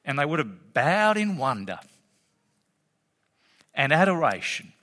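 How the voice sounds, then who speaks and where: Animated man preaching in a hall. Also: on the high side, a little slow. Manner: animated, emphatic, with laughs. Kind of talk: sermon. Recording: long reverb of a hall.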